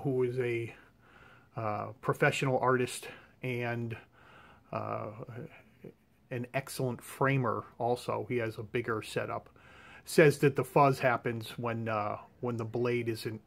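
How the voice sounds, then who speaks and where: Casting: everyday man, mid-pitched voice, unpolished home vlog delivery, hesitant and meandering. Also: level tone, slow pace, gravelly, pauses often. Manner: rambling, hesitant, lots of fillers and restarts. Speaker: comic art collector. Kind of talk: casual show-and-tell vlog. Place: his own room at home.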